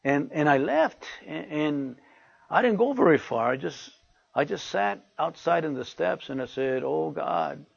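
An older male pastor preaches in a rather high, gravelly and husky voice, coming back to his points again and again. The recording is dry and a little muffled. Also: sing-song, a little slow, no echo. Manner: anecdotal, repeats phrases for emphasis. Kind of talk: sermon to ministers.

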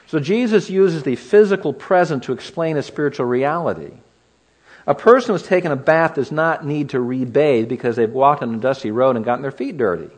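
A male preacher works through a passage verse by verse in an expository sermon. His delivery is animated, and his pitch rises and falls widely. He keeps asking the listeners rhetorical questions. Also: a little fast.

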